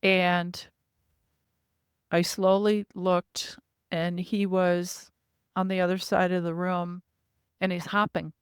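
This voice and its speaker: A woman's voice: on the low side, flat delivery, takes it slowly, long pauses, smooth, dry recording, studio quality. A woman, a podcast guest, earnestly recounting her own experiences in vivid detail.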